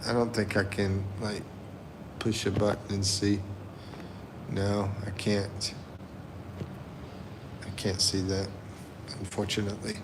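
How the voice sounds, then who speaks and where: A man hosting a livestream, reading chat comments aloud and chuckling often in a relaxed way. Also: on the low side, slow pace, pauses often, noisy background. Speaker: livestream host.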